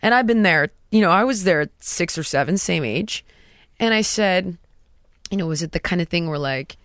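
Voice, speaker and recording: A woman's voice: fairly low pitch, a little fast, dry recording. Woman host telling a story in a dry room. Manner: animated retelling, drops to a soft hush for quotes. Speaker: podcast host. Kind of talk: casual storytelling chat.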